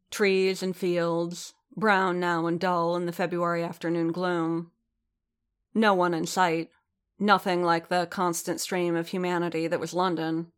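A woman narrating an audiobook in a measured, steady reading voice. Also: fairly low pitch, clean tone.

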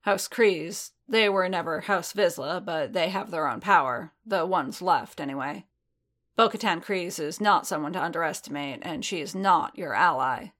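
A woman's voice: lowish voice, moderate pace, a bit bright, natural voice. A woman voicing a blunt, guarded adult male warrior who speaks in clipped, direct lines. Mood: earnest.

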